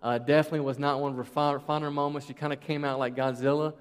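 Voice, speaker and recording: A man's voice: on the high side, level tone, quick pace, smooth. Man preaching in a reverberant hall. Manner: conversational and emphatic, rhetorical questions. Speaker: pastor. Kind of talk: sermon. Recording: long reverb of a large hall.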